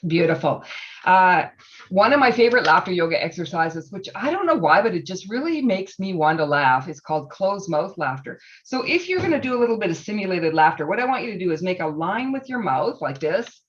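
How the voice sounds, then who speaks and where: A laughter yoga leader coaches a group through breathing and laughing exercises, encouraging and quick to laugh. The voice comes through a video call and sounds dull and muffled. It is also set back from the microphone. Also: mid-range voice, sing-song, distant mic. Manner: encouraging, instructive, laughs easily.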